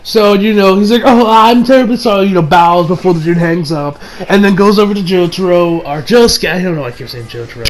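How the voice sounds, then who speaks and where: A male anime reviewer talking through an episode in a loose, rambling way, laughing often and swearing freely. His voice sits fairly high for a man, and he piles on fillers and restarts. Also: brisk, few pauses. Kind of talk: casual episode recap.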